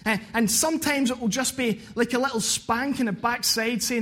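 High-voiced preacher. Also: male voice, steady tone, normal speed, hardly any pauses, fairly bright tone. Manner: earnest, repeats phrases for emphasis. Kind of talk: sermon.

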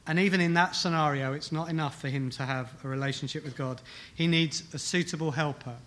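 Bright, emphatic man preaching a sermon. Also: a little high. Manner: emphatic, rhetorical questions, repeats key phrases. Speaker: pastor. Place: church hall with congregation.

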